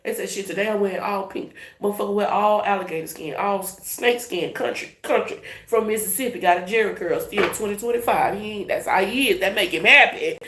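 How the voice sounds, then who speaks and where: A woman's voice: medium pitch, a little fast, few pauses, a bit bright. A woman giving a casual, profane and emphatic tarot reading with laughing asides. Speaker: tarot reader. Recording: echoey room, faint noise.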